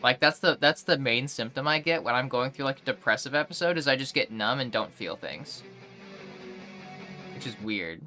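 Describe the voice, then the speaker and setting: Young woman streamer, casual live chat, rambling with constant fillers; bright, crisp tone, faint music under her. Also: a bass voice, animated, normal speed.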